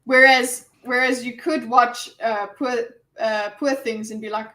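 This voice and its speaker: A woman leading a casual group chat about films, with a slightly higher voice. She is animated and bursts into mock quotes to make her point. She comes through a video call. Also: measured pace. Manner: animated, acts out quoted lines. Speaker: discussion host. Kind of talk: casual online group discussion.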